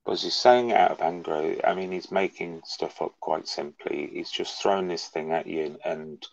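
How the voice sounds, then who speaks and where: A man with a very low, gravelly voice, speaking calmly and earnestly to reassure someone. His voice comes through dull, dry call audio. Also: moderate pace, no room sound. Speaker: guest. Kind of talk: supportive casual call chat.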